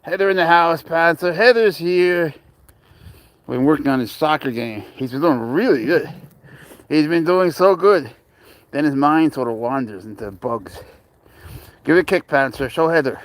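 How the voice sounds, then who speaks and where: A man's voice: fairly high pitch, expressive, moderate pace, dry recording. A young man from Spain, outdoors, coaxing and cheering on his cat in a playful way. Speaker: pet owner filming his cat. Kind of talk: casual talk to a pet.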